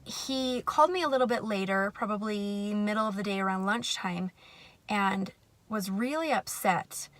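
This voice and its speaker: A woman telling a personal faith story to camera, earnest and reflective, sometimes soft and hushed. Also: mid-range voice, moderate pace, dry recording. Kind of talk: personal testimony.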